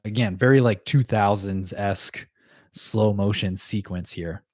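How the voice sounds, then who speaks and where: A podcast host with a fairly low, darkish male voice runs a casual livestream chat, recapping cartoon episodes loosely. He's chatty, laughs often, and fills his talk with fillers and quick asides. The recording is dry, with clean studio sound.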